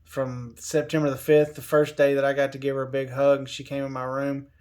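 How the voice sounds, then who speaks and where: A man tells a personal story casually, in an unhurried way. He drifts through fillers and restarts and quotes the people around him. His voice sits at an ordinary middle pitch. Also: level tone, darkish tone. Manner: unhurried, lots of fillers and restarts, quoting others. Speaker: covid survivor telling his story.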